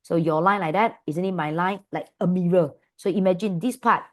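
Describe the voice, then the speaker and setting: Malaysian lady maths tutor, slightly low voice, chatty and affectionate, keeps asking the class questions. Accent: Malaysian English. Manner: affectionate, calls students "my dear"; lively, asks many quick questions. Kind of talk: online class teaching.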